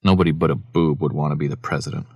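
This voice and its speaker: A man's voice: lowish voice, fairly even intonation, fast talker, a little mellow, no room sound, studio quality, voice pushed up, natural voice. A man voicing a sullen, bitter young boy who speaks bluntly. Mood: sulky.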